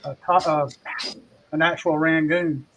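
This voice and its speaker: A man's voice: a little high, unhurried, noisy background. Folksy man home cook chatting. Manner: folksy, relaxed, with fillers and folksy sayings. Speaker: co-host cook. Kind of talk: casual chat.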